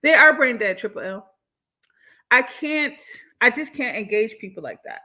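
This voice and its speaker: A young woman hosts a livestream, reading chat comments aloud and reacting with animated, outspoken remarks, laughing often and swearing. She speaks at a moderate pace with a fairly high pitch and long pauses.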